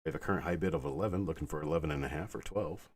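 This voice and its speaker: Low husky guy calmly calling bids at an online auction, soothing not pushy. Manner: calm, soothing, unhurried bid calling. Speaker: auctioneer host.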